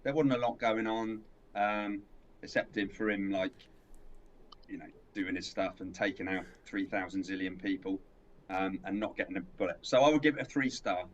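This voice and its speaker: A man's voice: on the low side, steady tone, normal speed, lo-fi sound, a little hiss or hum. A man co-hosting a film podcast, chatting casually and hesitantly, often repeating himself. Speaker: podcast co-host. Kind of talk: casual film review chat.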